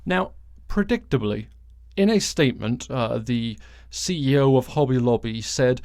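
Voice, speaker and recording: A man's voice: mid-range voice, expressive, unhurried, hardly any pauses, darkish tone, no room sound, studio quality. A man hosting a solo podcast, delivering a blunt, sarcastic commentary monologue and swearing freely. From outside the United States. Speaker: podcast host.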